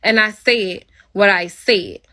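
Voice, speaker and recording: A woman's voice: medium pitch, slow, bright, forceful tone. A woman hosting her own livestream and ranting at her viewers, blunt and heavy with swearing. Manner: blunt, profane, confrontational. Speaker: livestream host. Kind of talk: angry livestream rant.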